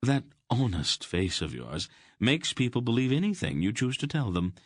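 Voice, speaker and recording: A man voicing a sly, witty thief who talks in a smooth, ironic way. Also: medium pitch, very animated, moderate pace, no room sound, clean studio sound, voice pushed up. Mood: wry.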